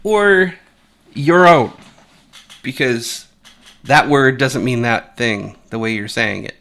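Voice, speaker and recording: A man's voice: mid-range voice, a little slow, vocal fry, bright, forceful tone. A man giving blunt, profane, opinionated commentary, rambling with frequent restarts. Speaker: commentary channel host.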